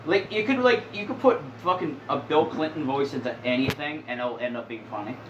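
A man's voice: mid-range voice, a little fast, echoey room, highs cut off, a little hiss or hum. A young man hosting, giving casual, crude and rambling commentary with a joking manner. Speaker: host.

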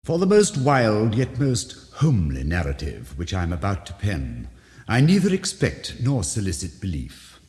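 A man's voice: on the low side, wildly swooping pitch, moderate pace, darkish tone. A man giving a dramatic first-person story reading, intense and theatrical, with sudden rises and drops. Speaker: reader of a story. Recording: old record with long reverb.

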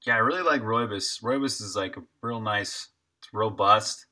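A young man streams himself at his desk, chatting with viewers as he works. His voice is very bright and forward. He answers their questions in a loose, friendly way. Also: lowish voice, moderate pace. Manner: chatty, answers chat questions while working. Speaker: indie game developer and streamer. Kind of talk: casual live-stream chat with viewers.

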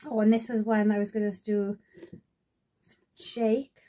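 A woman's voice: medium pitch, level tone, unhurried, warm tone. A woman, chatting at home in a rambling, casual show-and-tell about her sewing, full of fillers and asides. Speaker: crafter showing her sewing projects.

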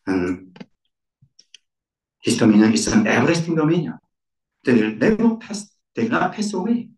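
Emphatic preacher in an echoey church. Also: male voice, medium pitch, sing-song, normal speed, darkish tone. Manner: emphatic, repeats key words with rising stress. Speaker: pastor. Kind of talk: sermon. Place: church centre. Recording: echoey room, voice from far off.

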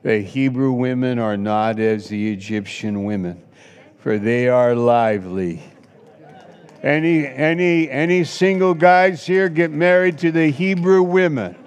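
A man's voice: mid-range voice, a little slow, clean tone. Impassioned preacher man in a reverberant hall. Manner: impassioned, swings between loud exclamations and hushed asides. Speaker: pastor. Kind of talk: sermon. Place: church sanctuary.

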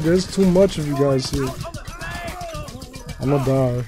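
A man streaming a video game, commenting casually with excitable swearing and jokey outbursts. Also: medium pitch, slow, pauses often, soft background music. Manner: excitable, profane, jokey, bursts into silly singing.

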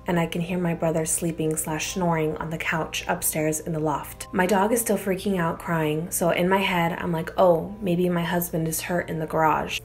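Low-voiced young woman reading scary stories. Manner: chatty, filler-heavy, easily spooked. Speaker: YouTuber reading viewer stories. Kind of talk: casual storytelling read-aloud.

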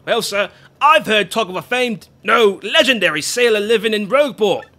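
A man voicing a gruff old male pirate sailor in a video game, rough-spoken and deferential. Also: high-pitched, animated, normal speed, sharp tone, pitched above the performer's own voice, exaggerated voice. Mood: eager. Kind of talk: reading game dialogue aloud.

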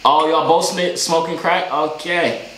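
A man's voice: on the high side, steady tone, measured pace, background noise. A young man hosting his vlog, bantering and teasing strangers in casual video-chat talk over a webcam. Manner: teasing, joking. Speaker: host. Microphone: webcam or phone on a video call. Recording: roomy echo.

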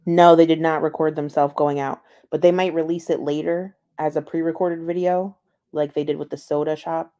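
A woman's voice: deep voice, little pitch movement, moderate pace, mellow. A woman reacting to a live stream, making dry, wry remarks about what she sees. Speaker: stream commentator. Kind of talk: reaction commentary.

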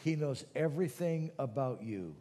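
A man preaching a sermon, moving between quiet teaching and loud, fervent calls to prayer. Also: mid-range voice, animated, normal speed, big-room sound. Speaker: pastor.

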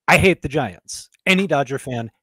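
Man, podcast co-host, mid pitch, emphatic storyteller, dry close sound. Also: lively intonation, normal speed, pushed and bright, slightly rough, no echo. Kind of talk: casual chat.

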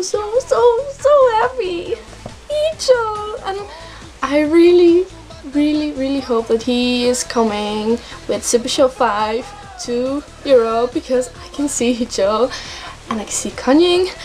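A young woman vlogging as an excited K-pop fan, gushing and repeating words for emphasis. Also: sits high. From Netherlands. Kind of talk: excited casual vlog. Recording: faint music behind voice.

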